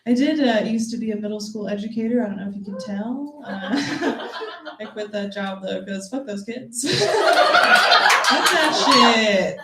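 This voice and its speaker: A woman's voice: mid-range voice, a little slow. A young woman performing a stand-up comedy set, self-deprecating and often breaking into giggles. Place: comedy club stage. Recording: echoey room, heard from a distance, audible noise.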